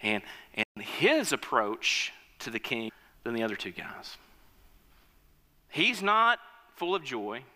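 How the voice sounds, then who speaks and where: A man's voice: medium pitch, sing-song, slow pace, long pauses, pushed and bright, big-room sound. A man preaching a sermon, emphatic, telling a story and calling on his listeners. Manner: emphatic, storytelling, calls on the congregation.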